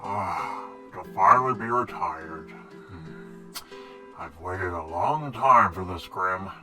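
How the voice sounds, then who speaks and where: A man voicing an older male retiree who speaks slowly and sounds content and grateful. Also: low voice, expressive, pushed and bright, soft background music, pitched below the performer's own voice, exaggerated voice.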